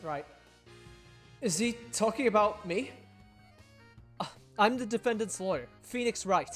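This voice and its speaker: A woman streamer chatting casually and voicing the lead lawyer, giggly and excitable. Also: mid-range voice, measured pace, soft background music. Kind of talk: casual live-stream chat and voice acting.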